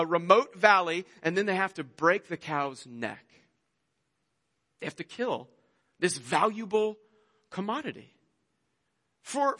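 A man's voice: high voice, pushed and bright. A man preaching a sermon, earnest and conversational, often repeating words as he goes. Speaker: pastor. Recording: long hall reverb.

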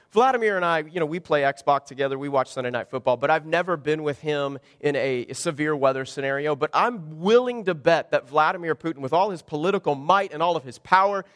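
A man preaches a sermon with a high, light voice that rises toward the top of the male range. His delivery is conversational and dryly humorous, and he strings rhetorical questions together. The sound carries a long reverb from a church sanctuary. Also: fairly bright tone. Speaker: pastor.

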